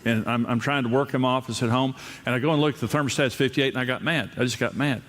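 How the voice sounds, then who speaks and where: A man's voice: mid-range voice, steady tone, fast, a bit bright, big-room sound. An older man as pastor, giving a sermon on marriage with humorous storytelling, his voice jumping up when he mimics others. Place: large room with a live audience.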